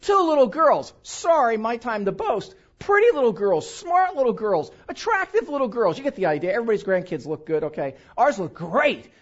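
Older male pastor, animated, self-mocking storyteller, high lively delivery, muffled lo-fi recording. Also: moderate pace, few pauses. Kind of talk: sermon. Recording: dull lo-fi recording.

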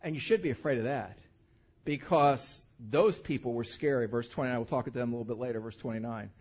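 A male pastor preaching a sermon, reading scripture with animated, enthusiastic emphasis and then leading a prayer. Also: mid-range voice, fairly quick. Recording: dull lo-fi sound.

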